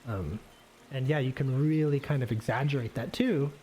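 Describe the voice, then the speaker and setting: A man giving a relaxed, rambling live painting demonstration, thinking aloud with many fillers and restarts as he works. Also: mid-range voice, normal speed, slight background noise. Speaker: art instructor painting live. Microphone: desk microphone on a livestream.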